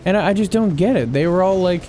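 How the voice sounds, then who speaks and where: A man's voice: high-pitched, lively intonation, fast talker, dark tone, slight background noise. A young man giving casual let's-play commentary, trash-talking enemies with lots of swearing and joking asides. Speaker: gaming channel host. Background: game music and combat sounds.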